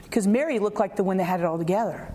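A woman preacher giving an animated, conversational sermon, acting out quotes and laughing often. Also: mid-range voice, racing, a little hiss or hum.

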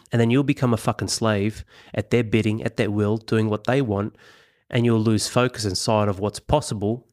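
A man's voice: lowish voice, darkish tone. A man hosting a motivational podcast, talking bluntly and swearing for emphasis. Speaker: podcast host. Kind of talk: motivational monologue.

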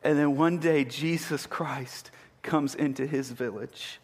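A man's voice: fairly high pitch, fairly even intonation, slow, breathy edge. A man preaching a sermon, retelling a story vividly and building to emphatic peaks. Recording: long hall reverb.

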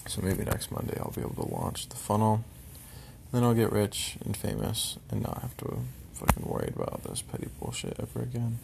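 A young man venting in a personal vlog, frustrated and bitter, swearing constantly and sometimes trailing off into low mutters. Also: wildly swooping pitch, brisk, gravelly, heavy background noise.

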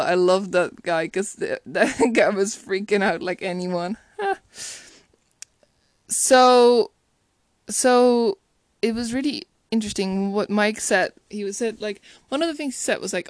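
Woman rambling about a rom-com she watched, mid pitch, dry close sound, lots of restarts. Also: unhurried, no echo. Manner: chatty and reflective, laughs often, many restarts. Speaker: film reviewer. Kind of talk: casual spoken movie commentary.

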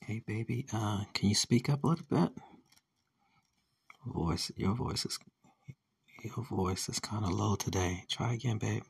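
A deep-voiced man with a gravelly, husky rasp hosts a comedy podcast in a laid-back, slangy drawl. His voice sits some distance from the mic in a dry space. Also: a little slow, long pauses, dry recording. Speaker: podcast host. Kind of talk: casual chat.

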